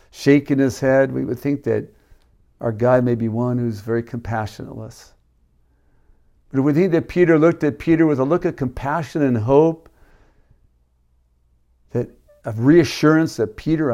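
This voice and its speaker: A man's voice: medium pitch, mellow. A man preaching a sermon, reading scripture aloud and explaining it with casual asides. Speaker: pastor.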